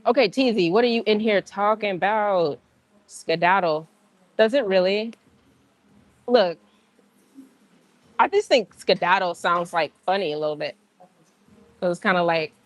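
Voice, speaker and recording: Here the gym livestream host speaks unhurriedly in a mid-range voice, pausing often, with no echo. She chats casually, spinning slangy stories, laughing, and voicing other people's lines.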